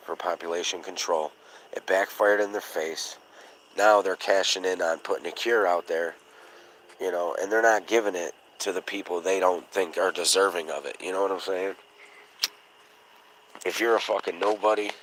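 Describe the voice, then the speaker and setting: Low bright-toned guy on a livestream, swearing a lot, ranting and telling stories, faint hum behind him. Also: rough recording. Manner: blunt, profane storytelling; acts out quoted voices. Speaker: podcast host. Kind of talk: casual livestream chat.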